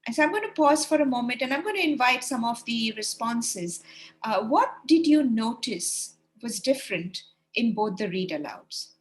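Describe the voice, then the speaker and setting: A woman's voice: a little high, lively intonation, moderate pace. A woman leading an online training webinar for teachers over a video call, encouraging and demonstrating read-alouds.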